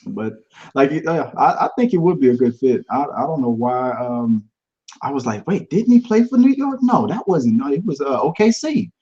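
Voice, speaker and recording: A man's voice: medium pitch, lively intonation, normal speed, darkish tone. A man, hosting a casual podcast chat in a laid-back, rambling way and laughing often. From Houston, Texas. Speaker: podcast host. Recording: dull lo-fi audio.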